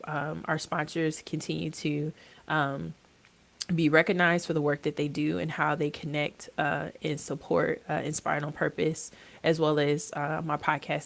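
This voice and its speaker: A low, flat-toned woman with a gravelly edge hosts a wellness podcast. She sounds congested from allergies and fills her talk with ums and uhs. Her delivery stays level and unhurried, like a casual chat with listeners. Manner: hesitant, many ums and uhs. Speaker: podcast host and therapist.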